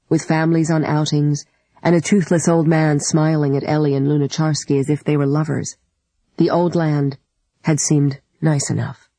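Audiobook narrator: warm, slightly husky, dry close sound, deliberate literary reading. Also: medium pitch, dry recording, poor audio.

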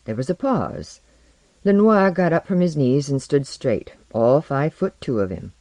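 A storyteller reading a fantasy tale aloud with measured, wry narration. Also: mid-range voice, expressive, darkish tone, no room sound.

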